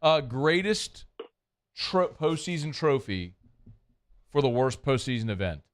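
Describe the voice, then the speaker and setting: A man's voice: mid-range voice, big pitch swings. A man hosting a sports talk radio show, joking playfully with his guest. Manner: playful, quick to joke.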